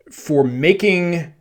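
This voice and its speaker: Chatty man telling a story. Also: a little high. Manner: animated anecdote telling with frequent fillers and self-deprecating laughs. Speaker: podcast host. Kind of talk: storytelling monologue.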